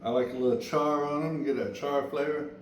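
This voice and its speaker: A man hosting a home cooking video, talking straight to viewers in an excitable, folksy way during a taste test. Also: a little high, fairly quick, background noise. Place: home kitchen. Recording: echoey kitchen with faint clatter.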